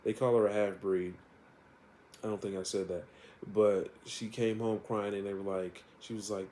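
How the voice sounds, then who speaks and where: A man's voice: fairly low pitch, flat delivery, normal speed, warm tone, slight background noise. Laid-back man rambling about a comic. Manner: rambling, with many fillers and laughs. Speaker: comic reviewer. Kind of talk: casual comic retelling.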